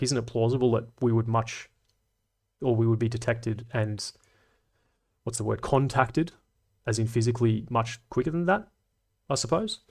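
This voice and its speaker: Male streamer, casual rambling chat, cheerfully sweary, frequent laughs. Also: medium pitch. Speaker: livestream host. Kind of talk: casual livestream chat reading comments.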